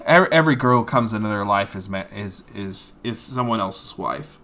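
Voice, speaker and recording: A man narrating as game master in a tabletop game, halting with many fillers. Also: fairly low pitch, animated, sharp tone, a little hiss or hum.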